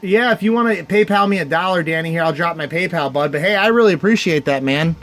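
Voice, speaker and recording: A man's voice: fairly high pitch, quick pace, a bit bright. A man from the Cleveland area hosting a casual livestream charity card auction, heartfelt and rambling as he thanks viewers by name. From Cleveland area, United States.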